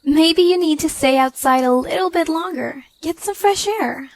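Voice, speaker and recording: A woman's voice: high-pitched, normal speed, pitched above the performer's own voice. A woman voicing a worried young woman talking on the phone, stammering and growing panicked in a storytelling narration. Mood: concerned. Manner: anxious, stammering, rising to panicked shouts.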